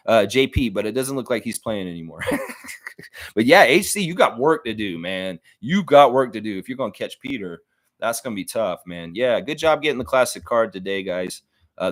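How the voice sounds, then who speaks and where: A man hosting a casual fan live stream, chatting in a rambling way and reading comments aloud. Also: fairly low pitch. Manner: animated, rambling, reads chat comments aloud.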